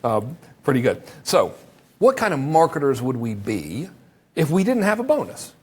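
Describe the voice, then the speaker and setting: A man teaching a marketing course, who acts out sample sales pitches in a lively way. His voice is strained from talking and he stops to drink water. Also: moderate pace, husky. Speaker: marketing instructor.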